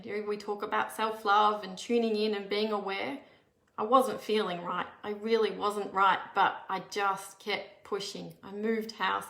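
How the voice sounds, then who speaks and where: A woman's voice: medium pitch, fairly bright tone. Earnest woman telling her story, echoey room. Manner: earnest and candid, with quick restarts. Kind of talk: personal storytelling talk.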